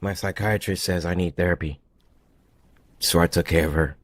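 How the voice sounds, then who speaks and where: A man hosting a comedic video reaction show, joking and breaking into loud outbursts. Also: low voice, huge pitch swings, fairly quick, soft background music.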